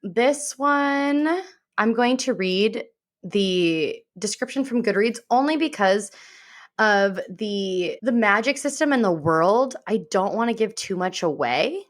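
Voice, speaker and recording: A woman on a podcast speaks in a relaxed, conversational tone at a middle pitch. She reads a book blurb aloud, then slips back into easy explanation in her own words. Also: takes it slowly. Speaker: podcast co-host. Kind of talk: casual chat and reading a book blurb.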